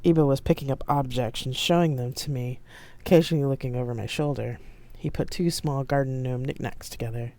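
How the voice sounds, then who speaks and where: Low, mellow woman reading her novel aloud. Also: fairly quick, no room sound. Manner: steady storybook narration. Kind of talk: reading aloud on a live stream.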